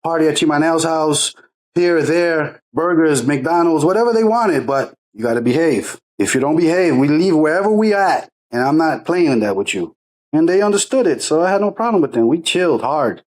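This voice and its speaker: A middle-aged man co-hosting a podcast, telling lively, slangy stories and acting out quotes in casual chat. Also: fairly high pitch, moderate pace. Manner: animated storyteller, slangy, acts out quotes. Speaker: podcast co-host.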